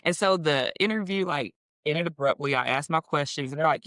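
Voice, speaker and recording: A woman's voice: deep voice, fairly quick, dry recording. A middle-aged woman, a guest teacher, telling her story in casual conversation and acting out the voices of the people she quotes. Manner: animated, acts out quoted voices.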